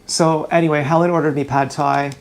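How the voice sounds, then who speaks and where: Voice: medium pitch, fairly even intonation, a little fast. A YouTuber venting in an emotional vlog, agitated, profane and rambling, fired up and upset, talking into a GoPro camera while streaming live indoors.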